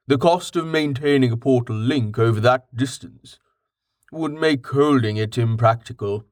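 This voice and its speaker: A man voicing a patient, well-read companion who explains things in a calm, matter-of-fact way, slow and dry. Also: mid-range voice, no echo, close to an everyday voice.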